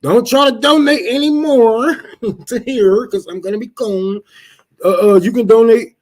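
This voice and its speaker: A young man hosting a casual livestream, cursing loudly and laughing as he rants and thanks donors. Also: very high-pitched, unhurried. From Detroit. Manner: profane, loud, laughing rants. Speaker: livestream host.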